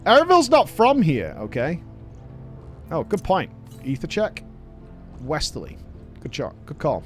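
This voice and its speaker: A man's voice: a little high, wildly swooping pitch, measured pace, soft background music. A man streaming an online game, chatting casually with teammates and viewers, joking and swearing as he cheers them on.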